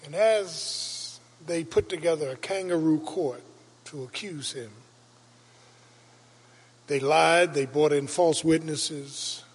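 Husky preaching man in echoing church. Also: fairly high pitch, takes it slowly. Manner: preaching with dramatic rises into shouts. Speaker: pastor. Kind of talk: Easter sermon. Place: church sanctuary. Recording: reverberant church hall.

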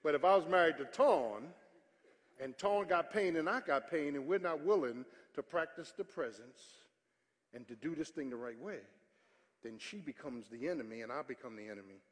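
A male pastor preaching a sermon with call-and-response, building up to shouting. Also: on the high side, animated, moderate pace. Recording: church hall reverb with faint congregation.

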